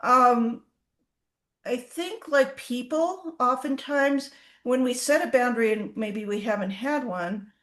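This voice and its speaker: A woman horse trainer telling stories in an interview, animated and acting out the horses' reactions. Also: on the high side, slow pace, roomy sound. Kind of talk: casual storytelling in an interview.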